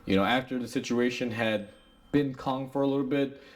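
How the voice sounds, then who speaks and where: A man's voice: medium pitch, moderate pace. A man, an auto mechanic, telling a work story in a casual, rambling way, with lots of fillers and asides to his viewers. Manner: rambling, filler-heavy, addresses viewers as "guys". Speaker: auto mechanic sharing shop stories.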